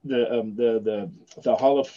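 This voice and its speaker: A man's voice: medium pitch, fairly even intonation, measured pace, mellow, highs cut off. A man, a magician guest, telling long rambling anecdotes with many restarts in casual podcast chat. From South Africa.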